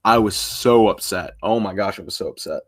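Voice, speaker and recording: Young male streamer, lowish voice, tired, loose rambling chat that trails off quietly. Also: normal speed. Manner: rambling and informal, trailing off softly at the ends of phrases. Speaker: live streamer. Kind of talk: casual live stream chat.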